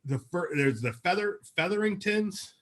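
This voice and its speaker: A man's voice: high-pitched, lively intonation, normal speed, a bit bright. A man co-hosting a podcast, reviewing a TV episode in a chatty, upbeat way with lots of fillers. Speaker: podcast co-host. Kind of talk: casual review chat.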